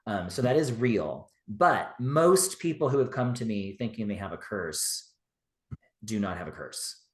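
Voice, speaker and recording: A man speaking as a podcast guest in relaxed, rambling conversation, full of "you know" fillers. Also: fairly low pitch, measured pace. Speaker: guest, witchcraft teacher. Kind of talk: casual interview talk. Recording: roomy echo.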